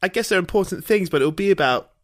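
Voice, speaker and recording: A man's voice: high voice, lively intonation, fast. A man co-hosting a comedy podcast, casual and dryly teasing as he corrects his co-host.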